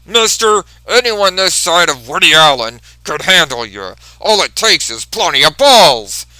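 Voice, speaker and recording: A man's voice: on the high side, sing-song, unhurried, bright, forceful tone, dry recording, heavily acted, rough recording. A man voicing a cocky, smug gray brute from a comic who trades sarcastic quips. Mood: wisecracking.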